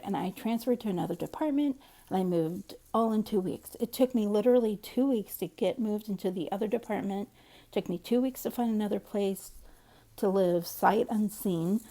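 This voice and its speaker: A woman's voice: medium pitch, gravelly, dark tone. A woman telling a personal story in a candid, rambling, conversational way. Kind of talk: casual storytime monologue.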